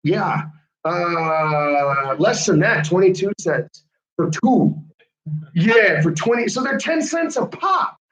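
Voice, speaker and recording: A man hosting a casual chat, animated and laughing often. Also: sits high, takes it slowly. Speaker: host. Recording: roomy, dull lo-fi sound.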